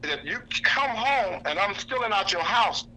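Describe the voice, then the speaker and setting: Guy preaching hard at a lunch meeting, high voice, real sharp and bright, blunt, keeps repeating stuff. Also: animated, moderate pace, a little hiss or hum, poor audio. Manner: blunt, preacherly, cites scripture, repeats for emphasis. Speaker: activist speaker. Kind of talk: impassioned speech to a lunch audience. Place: indoor lunch gathering.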